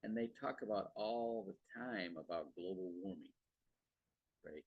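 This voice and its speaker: A man with a deep, husky voice speaks a little slowly as he hosts a podcast on sales. The lo-fi recording sounds dull and dry, and his casual, meandering talk repeats words and leans on "okay" and "right".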